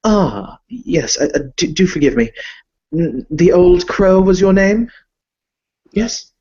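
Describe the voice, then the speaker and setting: A man voicing a calm, polished aristocratic vampire banker who speaks with formal, courteous phrasing. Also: sits high, takes it slowly, highs cut off, voice pushed up, full character voice. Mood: polite. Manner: courteous, formal, slightly fussy with hesitations.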